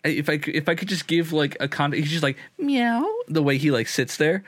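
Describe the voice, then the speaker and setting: A man's voice: fairly high pitch, fairly even intonation, fast talker, fairly bright tone, no echo. A young man in his twenties co-hosting a casual comedy podcast, goofy and slangy in his chat. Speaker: podcast co-host.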